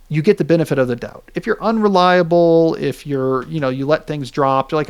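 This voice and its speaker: A man's voice: a little high, expressive, fast talker, few pauses, clear, resonant tone. A man in his forties hosting a podcast, explaining ideas in casual chat with joking asides. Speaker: podcast host.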